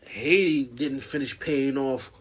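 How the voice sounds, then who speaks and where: Husky young man in casual podcast chat. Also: medium pitch, slow, a bit bright. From United States. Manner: loose, slangy, many fillers and restarts. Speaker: podcast co-host.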